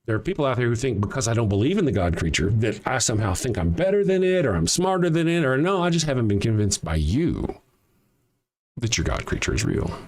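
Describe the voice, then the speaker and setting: A man's voice: mid-range voice, big pitch swings, fast. A man hosting a livestream, answering his chat with sarcastic, mocking rhetorical questions and frequent swearing. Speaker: livestream host. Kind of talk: livestream commentary reading chat.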